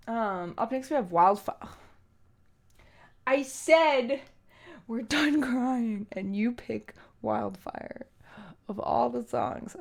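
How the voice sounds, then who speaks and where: A woman's voice: fairly high pitch, takes it slowly, creaky, pauses often. A young woman streamer chatting casually with her viewers, emotional and teary, rambling with many fillers. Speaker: streamer and singer. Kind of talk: casual live-stream chat.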